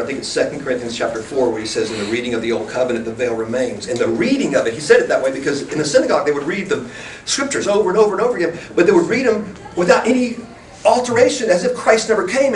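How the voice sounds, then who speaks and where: Animated high-voiced male preacher, echoey room. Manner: animated, emphatic, rising to shouts. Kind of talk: sermon. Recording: echoey room from far off with faint noise.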